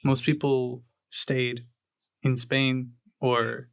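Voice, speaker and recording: A man's voice: mid-range voice, flat delivery, drawn-out words, gravelly, no echo. A young man co-hosting a podcast in loose casual chat. He stops and restarts his phrases and drops a casual swear word now and then. The sound is dry, with no room around it. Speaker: podcast co-host.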